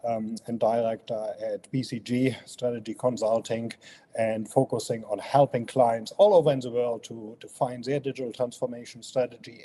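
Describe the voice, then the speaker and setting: Friendly yet halting, with plenty of fillers, this fiftyish man speaks with a strong German accent as a guest in a relaxed interview. His medium-pitched voice has a mellow quality.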